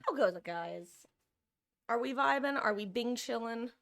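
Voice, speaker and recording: A woman's voice: on the high side, animated, measured pace, creaky, a bit bright. A woman streamer chatting casually and rambling to her live chat, self-deprecating, with lots of fillers. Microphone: desk mic, monitoring own audio.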